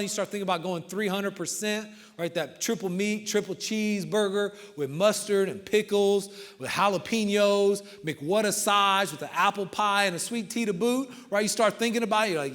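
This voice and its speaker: A man giving a humorous, animated motivational talk, telling a story and often checking in with the audience. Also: sits high. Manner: animated, keeps asking the crowd "right?". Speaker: motivational speaker. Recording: long reverb of a large hall.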